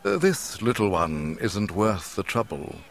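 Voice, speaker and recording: A man reading an audiobook and voicing a calm, wise old male mentor with a measured delivery. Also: on the low side, exaggerated voice.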